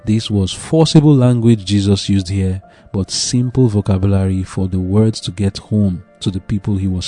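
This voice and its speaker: Mellow, husky man teaching scripture. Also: on the low side. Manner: explains scripture plainly, asks rhetorical questions. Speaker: preacher. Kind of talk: devotional Bible teaching.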